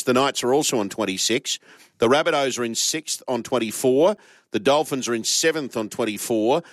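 A man's voice: mid-range voice, dry recording. Australian male sports radio host. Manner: teasing, reads out ladder standings. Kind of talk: casual sports radio banter.

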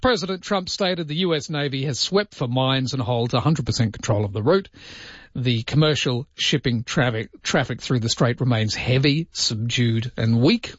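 A man's voice: mid-range voice, normal speed, no echo, lo-fi sound. A man hosting talk radio, wry and rambling with jokey asides. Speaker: radio host.

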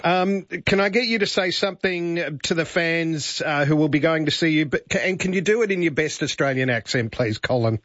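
A man's voice: on the high side, moderate pace, hardly any pauses, a bit bright, dry recording, lo-fi sound. A man hosting a radio interview, upbeat and effusive with his guest. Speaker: radio host.

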